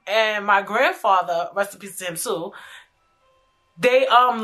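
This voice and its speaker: Speaking in a slightly high, bright and pushed voice, a young woman hosts a laid-back talk where she tells stories. Her manner is candid and profane, talkative, and full of repetition.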